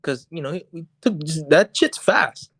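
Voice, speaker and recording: A young man co-hosting a podcast, telling a story in a casual, animated, profane way and acting out what people said. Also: a little high, takes it slowly, slightly rough, no room sound. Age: young adult. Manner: animated, profane, acts out quotes. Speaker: podcast co-host. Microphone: podcast mic on voice chat.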